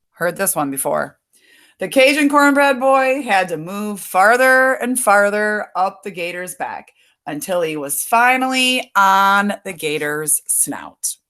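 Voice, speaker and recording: A woman reading a picture book aloud as a storyteller, pausing to add explanatory asides for listeners. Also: mid-range voice, a bit bright.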